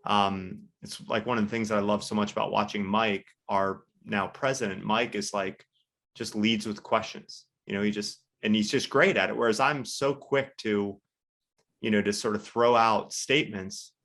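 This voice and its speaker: Low-voiced man hosting a business chat. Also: fairly even intonation, moderate pace, fairly bright tone. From United States. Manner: reflective, conversational, many fillers like "you know". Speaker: podcast host. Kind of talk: casual interview conversation.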